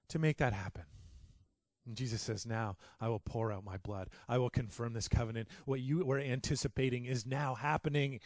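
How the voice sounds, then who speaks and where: A middle-aged male pastor giving a sermon, building to loud, passionate peaks and falling back to a soft, quiet delivery. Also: steady tone, moderate pace, no echo, studio quality. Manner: builds to loud, high-pitched passion, then drops to soft.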